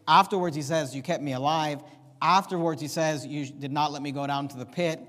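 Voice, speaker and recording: A man preaching a sermon, reading Bible verses aloud and explaining them to his congregation, often slowing down and swelling for emphasis. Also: a little high, steady tone. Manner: preaching with Bible readings, varying pace and loudness. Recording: long reverb of a hall.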